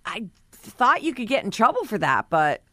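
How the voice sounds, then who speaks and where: A woman's voice: fairly high pitch, sing-song, moderate pace, bright, forceful tone, no room sound, clean studio sound. A woman co-hosting a radio talk show, chatting casually as she reads out entertainment news items with her own asides.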